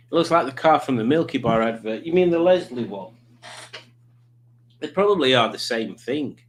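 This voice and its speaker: A man's voice: mid-range voice, lively intonation, a little slow, pauses often, slight background noise. A man chatting casually on a livestream, rambling and reading out viewer comments. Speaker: livestreaming YouTuber.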